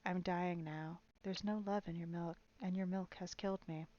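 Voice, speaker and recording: A woman voicing a newborn baby girl who speaks in a flat, reproachful way. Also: on the low side, normal speed, highs cut off, natural voice.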